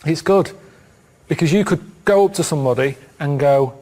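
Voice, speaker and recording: A man with a Northern English accent, chatting on a comedy podcast in a deadpan, rambling way. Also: fairly high pitch, normal speed. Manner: deadpan, rambling, plain-spoken. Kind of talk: casual comic chat.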